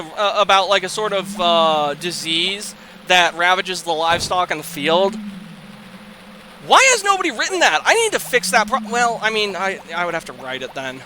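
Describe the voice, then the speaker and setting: A young man's high-sitting voice carries a little hiss or hum as he casually commentates on a farming game as a let's play host. He rambles profanely and swings into fits of exasperated shouting and laughter.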